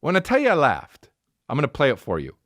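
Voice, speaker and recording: A man's voice: a little high, wildly swooping pitch, quick pace, fairly bright tone, no echo, studio quality. A man hosting a podcast, ranting casually in a profane, rambling way, full of restarts as he tells a story. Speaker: podcast host. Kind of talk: casual comedic rant. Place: podcast studio.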